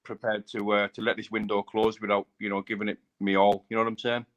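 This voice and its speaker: Animated fighter with a bright voice. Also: male voice, fairly low pitch, fast talker, highs cut off. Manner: rambling, repeats phrases, says "mate". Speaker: bare-knuckle fighter. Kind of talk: casual live chat.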